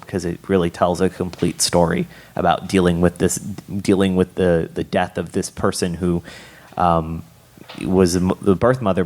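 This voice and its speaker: A man writer speaking on a panel, rambling and halting, often restarting his sentences. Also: low voice. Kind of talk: casual panel talk.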